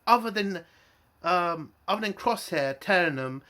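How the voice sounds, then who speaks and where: A man's voice: high voice, lively intonation, measured pace, bright, forceful tone. A man giving an exasperated, swearing review rant full of emphatic rhetorical questions.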